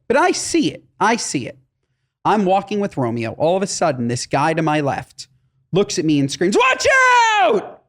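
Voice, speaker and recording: A man co-hosting a comedy podcast, telling stories in a playful, exaggerated way. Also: high voice. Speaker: podcast co-host. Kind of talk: casual comedic chat.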